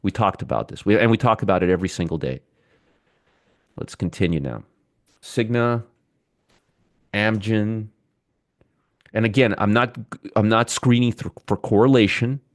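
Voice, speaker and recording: Speaking in a lowish voice at a normal speed with frequent pauses, a middle-aged stock market show host runs a chatty live stream. He reads viewer comments aloud and teases his audience, and the sound is studio quality with no room sound.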